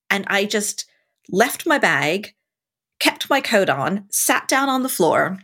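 A woman in her forties, a podcast guest, telling a candid story and acting out her own past thoughts with big swings in her voice. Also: takes it slowly. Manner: animated, acts out her own past thoughts with big pitch leaps and swearing.

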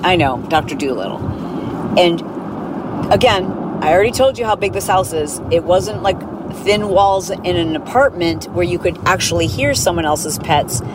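Woman podcast host, lowish voice, animated storyteller. Recorded in a car with audible road noise. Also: moderate pace. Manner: animated, acts out voices in her stories. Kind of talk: casual storytelling. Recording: clear road noise behind.

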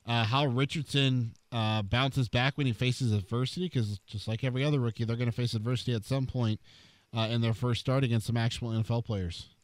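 A man's voice: mid-range voice, fairly even intonation, fairly quick, no room sound. Man asking questions as radio sports anchor. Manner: brief reactions and questions. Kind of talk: casual radio chat. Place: radio studio.

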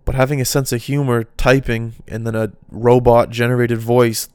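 A man's voice: medium pitch, flat delivery, normal speed, a little mellow, clear, resonant tone, dry recording. Male podcast host, casual solo monologue, loose and rambling, mid-range voice, clean. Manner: rambling, off-the-cuff musing.

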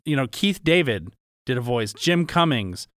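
A middle-aged man co-hosting a podcast, talking in a steady, matter-of-fact voice at a middling pitch. His sound is close and dry, with no room around it. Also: moderate pace, no echo. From Georgia, USA. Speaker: podcast co-host. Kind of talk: casual podcast chat.

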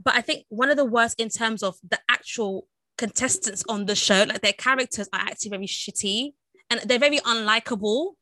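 A woman's voice: on the high side, fairly quick, bright, forceful tone, no echo. A British woman co-hosting a podcast in casual chat, talking loosely with lots of "like" and frequent laughter. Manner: chatty, lots of "like", laughs often. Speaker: podcast co-host.

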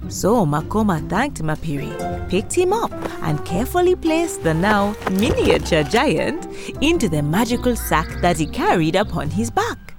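A woman reading a children's storybook aloud with an expressive, widely swinging pitch. Music plays clearly underneath her narration. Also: normal speed. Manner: expressive, animated.

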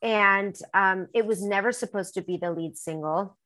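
A woman with a bright, clear-toned voice speaks as a singer-songwriter guest in an interview. She talks candidly and emotionally. She rambles, full of fillers and restarts. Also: mid-range voice, normal speed, poor audio.

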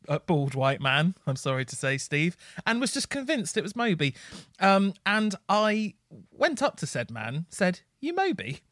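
A man hosting a casual podcast, telling self-mocking stories. His pitch moves around a lot and sits a little high. The sound is dry, with no room echo. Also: fairly bright tone. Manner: self-deprecating, apologetic storyteller. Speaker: podcast host. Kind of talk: casual chat.

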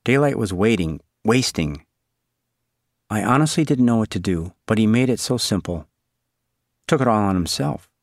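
A man narrating a literary story in a measured, wry, inward way. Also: on the low side, animated, no room sound, studio quality.

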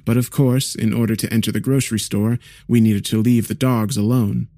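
Low-voiced man narrating a horror story. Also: steady tone, dark tone. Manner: measured, somber storytelling.

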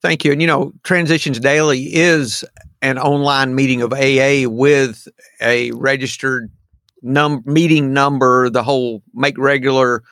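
A man guest on a podcast, soft-spoken and appreciative, explaining things plainly in casual conversation. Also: mid-range voice, steady tone, measured pace, no room sound, studio quality. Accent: non-local accent.

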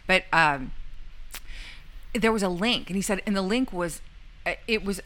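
A woman's voice: medium pitch, normal speed, fairly bright tone. A woman co-hosting a talk show, retelling a story in a rambling way, with lots of fillers and quoted lines. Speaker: podcast co-host. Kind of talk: casual storytelling chat.

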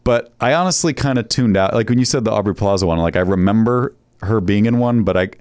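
Low-voiced man, dry close sound. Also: clear, resonant tone, dry recording. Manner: relaxed, halting restarts, chuckles often. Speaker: podcast host. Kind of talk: casual chat.

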